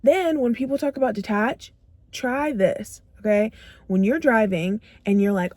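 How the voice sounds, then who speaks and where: A woman's voice: fairly high pitch, unhurried, darkish tone, dry recording. A young woman giving a motivational self-growth talk to camera, emphatic and repeating phrases for punch. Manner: acts out her own inner dialogue in quotes.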